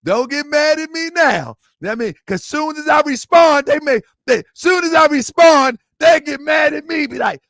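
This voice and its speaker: Excitable high gravelly male streamer. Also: normal speed, hardly any pauses, dry recording, studio quality. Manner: excitable, repetitive, laughs often, addresses viewers as family. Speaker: livestream show host. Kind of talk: casual livestream monologue.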